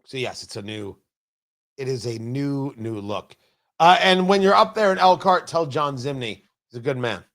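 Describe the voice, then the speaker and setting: A man's voice: medium pitch, animated, normal speed, a bit bright. A man hosting a talk radio show, delivering an opinionated monologue with sarcastic, mocking asides from his studio.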